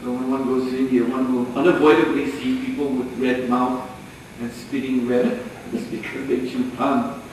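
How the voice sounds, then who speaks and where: A man's voice: mid-range voice, normal speed, few pauses. Man telling a sacred story in an echoey hall. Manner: animated storyteller, chuckling often. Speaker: lecturer. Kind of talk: storytelling sermon. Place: lecture hall. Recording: echoey hall, distant mic, faint noise.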